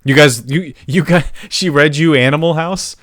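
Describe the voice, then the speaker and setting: A man's voice: fairly high pitch, normal speed, a bit bright, no echo. A man and father co-hosting a casual comedic podcast, tossing out dry, sarcastic quips. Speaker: podcast co-host.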